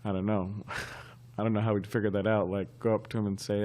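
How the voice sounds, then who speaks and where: A man giving a scripture class at a temple, telling a story in a halting, conversational way. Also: on the low side, steady tone, darkish tone. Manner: halting and conversational, often restarting.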